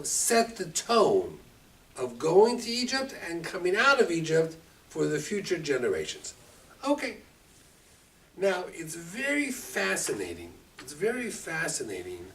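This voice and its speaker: A rabbi teaching a Torah class, lively and expressive, acting out the quotes and mixing in Hebrew terms. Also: male voice, a little high. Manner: animated, acts out quotes, mixes Hebrew terms. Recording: distant mic with faint room ambience.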